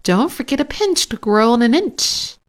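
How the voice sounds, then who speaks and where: A woman's voice: on the high side, big pitch swings, moderate pace, voice pushed up. A woman voicing a cheeky, teasing little sister in a storybook, in a sassy little-girl voice.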